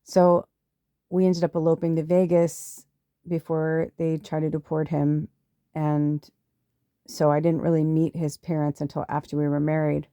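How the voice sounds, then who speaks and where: A woman's voice: level tone, measured pace, mellow, clean tone, dry recording. Middle-aged woman, podcast host, chatty storytelling, casual swearing, dry close sound. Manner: chatty, swearing, acts out quotes in a higher voice. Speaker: podcast host, spiritual medium.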